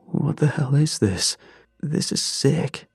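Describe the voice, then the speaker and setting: A man voicing a frightened crew member whose voice comes out tight and strained, a little higher than his usual narration. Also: lively intonation, slow pace, creaky, breathy edge, dry recording, clean studio sound, exaggerated voice. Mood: disgusted. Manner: strained, nervous. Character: scared young man on a mining crew, tense, voice tight and higher.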